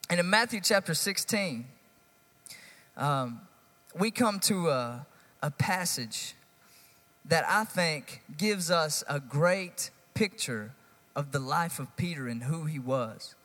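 A male pastor giving a sermon, casual and animated, stressing lines and talking straight to the congregation. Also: fairly high pitch, in a large hall. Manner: animated, conversational preaching with rising emphasis.

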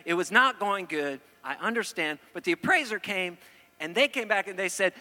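A man preaching a sermon to a live audience, animated and joking, often asking the crowd questions. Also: high-pitched, normal speed. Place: church hall before an audience. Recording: long hall reverb.

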